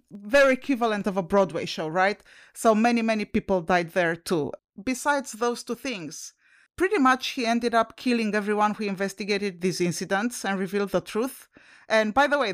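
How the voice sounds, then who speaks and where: A woman's voice: mid-range voice, no room sound, clean studio sound. Impassioned woman podcast co-host. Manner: impassioned, emotional. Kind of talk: casual political discussion.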